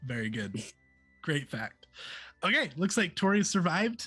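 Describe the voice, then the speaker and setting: A man running a tabletop game as game master, chatty and relaxed, with many fillers. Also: a little high, a little slow, breathy edge, no room sound, soft background music.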